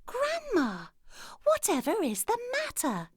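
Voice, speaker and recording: A woman voicing an innocent, curious little girl from a storybook, in a high childlike voice. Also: huge pitch swings, slow pace, no room sound, clean studio sound, heavily acted.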